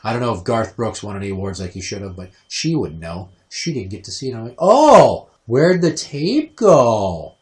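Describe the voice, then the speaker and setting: A man's voice: quick pace, hardly any pauses. Profane, sarcastic young man telling stories. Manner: profane, sarcastic, mimics his mother in a shrill voice. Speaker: podcast host. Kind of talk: crude comedic storytelling.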